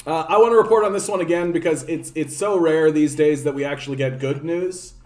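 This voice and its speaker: A man with a slightly raised pitch chats his way through political commentary on a livestream. He rambles, swears casually and keeps restarting his sentences, with "like" scattered through everything. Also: fairly quick, a little mellow. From Canada. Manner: rambling, profane, many "like" fillers and restarts. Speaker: political streamer.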